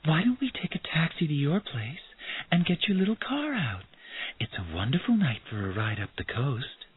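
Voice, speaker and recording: A man's voice: a little high, big pitch swings, normal speed, slightly rough, voice pushed up, heavily acted. A man putting on a cool, disdainful young woman. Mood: falsely sweet. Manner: sugary then icy, hard. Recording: tinny phone-like sound.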